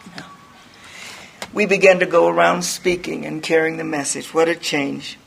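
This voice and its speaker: A woman's voice: low voice, steady tone, normal speed, creaky, slight background noise, low-quality recording. An older woman giving a candid, rambling personal testimony to a group, mocking herself as she tells it. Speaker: recovery speaker.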